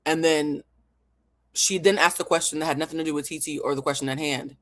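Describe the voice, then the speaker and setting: A woman's voice: deep voice, steady tone, brisk. A woman hosts a live stream and picks apart what she has watched. She talks in an analytical, emphatic way and swears freely as she makes her case. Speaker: host.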